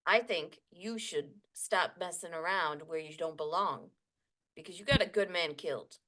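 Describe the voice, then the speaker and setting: A woman's voice: on the low side, normal speed, a bit bright. A woman playing a tabletop game, speaking bluntly and sternly in character. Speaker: player. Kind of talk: tabletop role-play.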